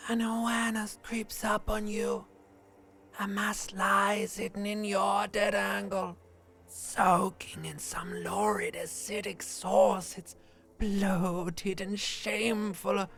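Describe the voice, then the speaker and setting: An actor voicing the limbic system in a video game, a man speaking in a hushed, creeping whisper. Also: high voice, steady tone, slow pace, gravelly, full character voice. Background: faint game music.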